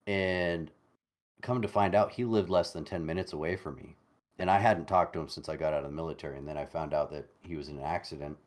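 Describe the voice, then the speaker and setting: A man in his late thirties speaks in a very low, deep register. He sounds reflective and a little halting, often doubling back on his words as he works through a thought. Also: steady tone. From United States. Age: late 30s. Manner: reflective, halting, repeats words while searching. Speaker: podcast guest, veteran. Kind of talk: casual conversation over a call.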